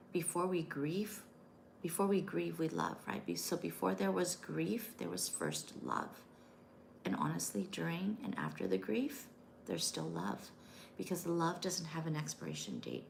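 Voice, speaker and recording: A middle-aged woman and widow coaching grieving listeners on a live stream, gentle and reassuring, often checking in with "right?". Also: on the low side, gravelly, slight background noise.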